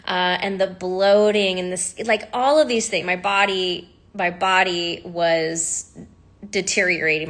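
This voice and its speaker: A woman sharing her personal story in a candid, animated way, full of fillers and asides. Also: on the low side. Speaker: sound healer telling her story.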